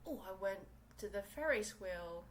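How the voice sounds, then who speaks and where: This young woman from South Korea, an English-as-a-second-language speaker, hosts a casual podcast alone in her small room. She rambles with frequent fillers and restarts, sounding expressive in a mid-range voice at normal speed. The audio is poor, with slight background noise.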